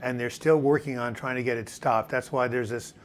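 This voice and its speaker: A man's voice: medium pitch, steady tone, a little fast. A man hosting a casual weekly live chat from home. He reads viewers' names and comments aloud, with frequent fillers. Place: home in Portland, Oregon. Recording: faint background noise from outdoors. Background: faint music and outside noise.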